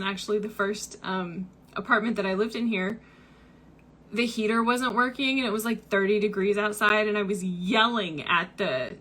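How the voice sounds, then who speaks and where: Young woman host, bright higher voice, candid, rambling livestream chat. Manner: candid, chatty, filler-heavy storytelling. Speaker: book club host.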